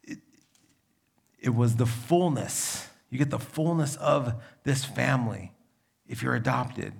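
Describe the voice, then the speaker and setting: A young adult male pastor preaching a sermon in a conversational, storytelling manner, with a gravelly voice. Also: mid-range voice, slow.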